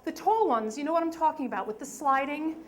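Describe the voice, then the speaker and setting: A woman from New York telling a personal story at a live story slam in a lively, self-mocking, emphatic way. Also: high voice, fast. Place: stage at a live storytelling event.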